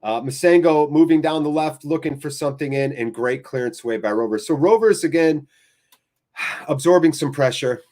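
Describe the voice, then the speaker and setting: An American man hosting a live fan watchalong, calling the play and chatting with viewers in an excitable, chatty way. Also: a little high, normal speed. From United States.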